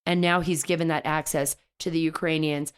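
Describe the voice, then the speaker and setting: A woman's voice: low-pitched, flat delivery, moderate pace, clear, resonant tone. A woman hosting a political talk show, speaking in an enthusiastic, chatty way with frequent restarts. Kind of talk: casual political radio commentary.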